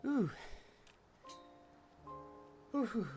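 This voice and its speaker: A man's voice: medium pitch, lively intonation, unhurried, pauses often, fairly bright tone, faint music behind. A man live-streaming in casual chat, thanking viewers and counting out reps, out of breath after exercise. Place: indoors at home, small space.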